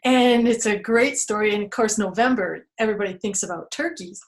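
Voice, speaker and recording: A woman leads a storytime session at a children's museum, playful and lively as she makes animal noises and sound words for little kids. Her pitch sits in the middle, and she talks a bit quickly.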